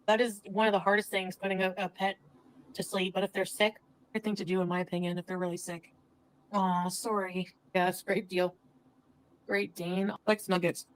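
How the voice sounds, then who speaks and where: Woman, from canada, casual livestream chat, soft and sympathetic, reads out viewer names. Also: medium pitch, little pitch movement, normal speed, poor audio. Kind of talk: casual live-stream chat.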